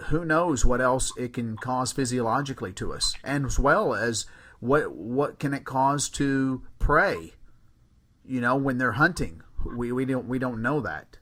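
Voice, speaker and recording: A male podcast host talks in a slow, deliberate way. His voice sits in a mid range, and he reasons through his points at length in a measured, thoughtful manner. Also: mid-range voice, a bit bright. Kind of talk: interview questions and commentary.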